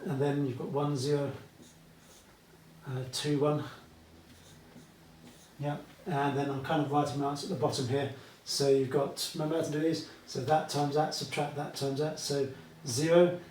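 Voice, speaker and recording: This British man's fairly high, darkish voice moves at a moderate pace with fairly even intonation as he teaches maths at a classroom whiteboard. He's chatty, fond of asides, and keeps checking "okay?". A little hiss or hum sits under the echoey, far-off recording.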